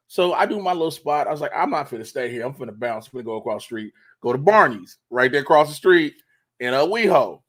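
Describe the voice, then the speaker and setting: Animated storytelling male comedian. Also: mid-range voice, quick pace. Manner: animated storyteller who acts out the dialogue. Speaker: comedian and co-host. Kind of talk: casual chat, storytelling.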